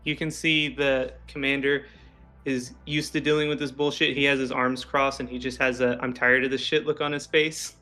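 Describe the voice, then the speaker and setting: A man's voice: medium pitch, little pitch movement, normal speed, bright, forceful tone, soft background music. A man narrating as game master in a tabletop game stream, casual and descriptive. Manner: casual, descriptive, laughs often.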